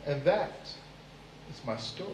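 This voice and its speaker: Man, live folk-tale storyteller, high voice, expressive, faint room noise, far from mic. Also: reverberant. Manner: expressive, dramatic pauses. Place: live venue.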